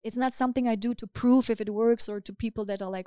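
A woman hypnotist with a German accent, speaking in a slow, soothing, suggestive way. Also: on the high side, steady tone, mellow, clear, resonant tone, no room sound. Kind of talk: hypnosis induction then casual chat.

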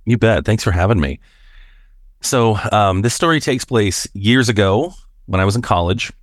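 Man, caller from Washington State, low voice, chatty storytelling, lots of fillers, dry sound. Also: expressive, normal speed, dry recording. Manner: chatty, many fillers and restarts. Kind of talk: casual storytelling.

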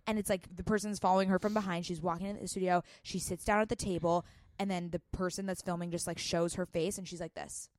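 A woman co-hosting a podcast who reacts excitedly and retells gossip in casual chat. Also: on the low side, fast talker, no echo. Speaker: podcast co-host.

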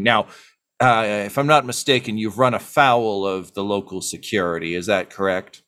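A man running a tabletop game, narrating in a halting way and filling pauses with ums and uhs. His voice sits somewhat low. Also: fairly even intonation, a bit bright. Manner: halting, many fillers. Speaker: game master.

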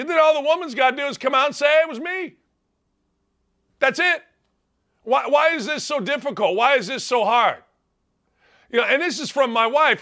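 A man's voice: extremely high pitch, sharp tone. A middle-aged man hosting a sports talk show, ranting in an opinionated monologue full of rhetorical questions. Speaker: sports radio host.

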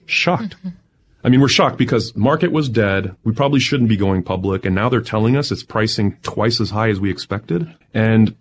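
A man, a tech entrepreneur, telling his story in an interview with excited energy and frequent laughter. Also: fairly low pitch, moderate pace, a little hiss or hum.

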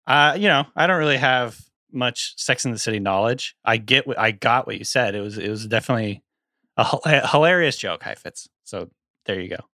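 A male podcast co-host who rambles through analysis with lots of fillers. His voice is bright and forward, recorded dry and close on a studio microphone. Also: medium pitch, animated, brisk, no room sound. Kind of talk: casual chat.

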